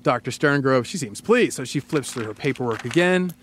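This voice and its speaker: A man's voice: mid-range voice, expressive, a little fast, slight background noise. Playful man spinning a comic story. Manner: playful, acts out scenes, laughs often. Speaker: podcast host. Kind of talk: casual comedic storytelling.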